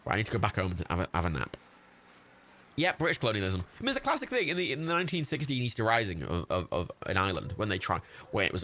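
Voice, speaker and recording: A man's voice: fairly low pitch, bright, forceful tone. A young man livestreaming, rambling casually with lots of fillers, restarts and laughs while playing a game.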